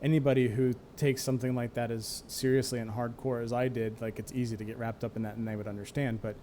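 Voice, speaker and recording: A man's voice: mid-range voice, level tone, fast, warm tone, a little hiss or hum. A man in his thirties, host of a streamed gaming talk show, talking candidly and rambling about old raid nights. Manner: candid, rambling, self-mocking, laughs easily. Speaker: podcast host and former raid leader.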